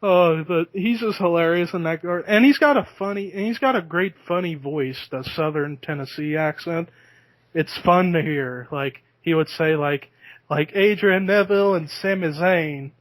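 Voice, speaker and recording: A man's voice: fairly high pitch, normal speed, dry recording. A man hosting a podcast in casual chat, talking easily and breaking into laughter. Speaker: podcast host.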